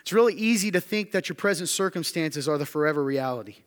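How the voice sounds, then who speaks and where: A man's voice: on the high side, fast. Preaching man in a reverberant hall. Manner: animated preaching, rising emphatic questions, drops to quiet asides. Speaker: pastor. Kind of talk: sermon. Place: church hall with audience.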